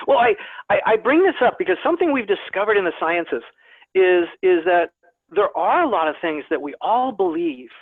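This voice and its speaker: A man's voice: high voice, big pitch swings, moderate pace, no room sound. A man, a plant scientist, giving an online lecture to a naturalist club, chatty with self-deprecating humor and frequent repeated words, speaking over a video call. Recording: tinny, phone-like video call audio.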